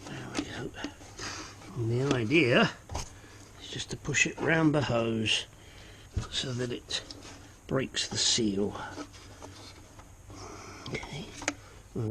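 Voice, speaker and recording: Slow-talking mechanic man in a noisy workshop. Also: mid-range voice. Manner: talks while working, muttering and grunting through the effort. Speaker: auto mechanic. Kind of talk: hands-on car repair tutorial.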